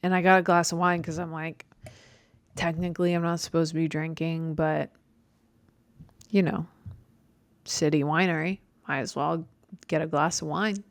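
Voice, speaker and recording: A woman's voice: deep voice, steady tone, normal speed, long pauses, no echo. A young woman hosting her podcast, rambling in a self-mocking, conversational way with many fillers. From Chicago. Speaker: podcast host. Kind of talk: stream-of-consciousness monologue.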